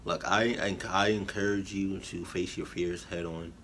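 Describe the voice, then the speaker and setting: A man giving halting, emotional commentary on a reaction video, full of fillers and restarts. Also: deep voice, flat delivery, gravelly, a bit bright, a little hiss or hum. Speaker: YouTube reactor. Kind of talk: rambling heartfelt commentary.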